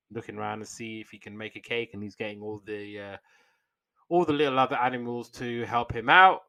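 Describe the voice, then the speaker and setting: A man's voice: medium pitch, fairly bright tone, smooth, no room sound. A young man hosting a podcast, casually retelling old cartoon episodes in a rambling way with fillers and restarts.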